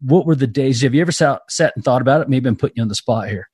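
A male interview host with a slightly husky voice, asking gentle, probing follow-up questions. His manner is easy and conversational. The recording is dry and close-miked. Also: mid-range voice, very fast, no echo.

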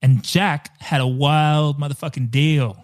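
A man with a slightly higher-than-average voice co-hosts a relaxed film podcast. He talks in a playful, loose way, cursing freely and drifting into comic tangents. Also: a little slow. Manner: jokey, swearing, tangents. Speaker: podcast co-host. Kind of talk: casual film podcast chat.

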